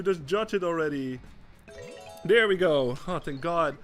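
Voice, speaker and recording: A man's voice: fairly high pitch, lively intonation, normal speed, soft background music. Swearing young man streaming a game. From Netherlands. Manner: swearing, exasperated, stammering restarts. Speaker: gaming streamer. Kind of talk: casual gameplay commentary.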